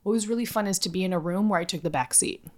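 A woman co-hosting a podcast in casual chat, bubbly and animated when telling stories. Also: on the low side, racing. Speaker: podcast co-host.

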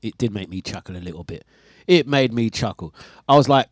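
A man hosting a breakfast radio show, telling a story in a casual, animated way with laughs and exasperation. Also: lowish voice, fairly quick, over music. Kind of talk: casual chat on live radio stream.

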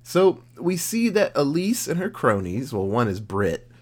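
A man co-hosting a podcast, casually recapping a horror movie plot with lots of swearing and jokes, slipping into quick voices for the characters. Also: mid-range voice. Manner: profane, jokey, acts out characters mid-recap. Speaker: podcast co-host.

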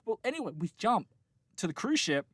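A man's voice: sits high, very animated, brisk, slightly rough, no room sound, clean studio sound. A man in his late twenties chatting casually, telling a long rambling dream with lots of laughter and restarts. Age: late 20s. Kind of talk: casual chat, dream storytelling.

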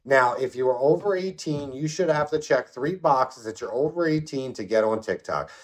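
This podcast co-host is a middle-aged man with a mid-range, animated voice and a moderate pace. His casual, opinionated chat and storytelling is rambling and profane, peppered with "you know what I mean".

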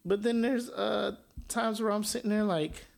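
A man's voice: high-pitched, steady tone, normal speed, creaky. A man hosting a casual solo podcast, joking and trash-talking with frequent laughs. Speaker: podcast host.

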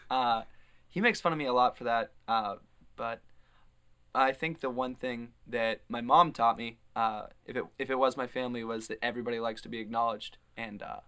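Bright, clear young man rambling casually. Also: mid-range voice, steady tone, moderate pace. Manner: rambling, hesitant with many fillers. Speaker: guest musician in a band. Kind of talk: casual conversational chat.

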